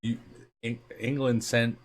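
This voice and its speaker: A man's voice: medium pitch, flat delivery, measured pace. A man hosting a live stream in casual chat, joking and quizzing his guest. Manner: jokey, laughs often. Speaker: stream host.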